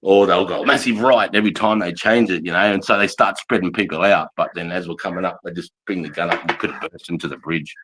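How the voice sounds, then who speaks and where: A man's voice: low-pitched, steady tone, fast talker, few pauses, fairly bright tone, slightly rough. A man in his forties with an Australian accent, an army veteran telling war stories in a casual, rambling, heavily profane way and laughing often. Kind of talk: casual storytelling chat.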